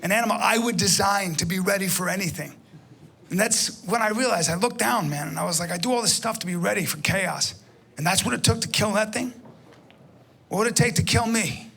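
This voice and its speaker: A man in his fifties performing stand-up on a comedy club stage, telling a profane, animated story and often shouting into a handheld mic. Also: high-pitched, brisk, vocal fry. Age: 50s.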